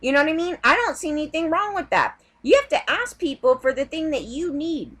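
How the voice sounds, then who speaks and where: A young woman vents on her vlog in a heated, rambling rant full of swearing. Her voice sits high and leaps all over the place as she talks. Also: very animated, brisk, fairly bright tone. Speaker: vlogger. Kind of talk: ranting vlog.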